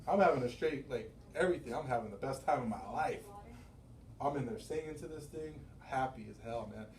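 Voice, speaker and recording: Middle-aged male sales boss, loud storyteller, room echo, mic off at a distance. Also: mid-range voice, brisk. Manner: animated storytelling, acting out quotes; loose, profane, laughing often. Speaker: sales manager and business owner. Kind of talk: motivational team meeting talk. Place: meeting room. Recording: roomy, from far off the mic.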